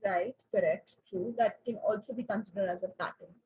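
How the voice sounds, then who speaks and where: A woman teaching an online class, often asking the class questions and pausing with fillers. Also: mid-range voice, darkish tone, breathy edge, poor audio.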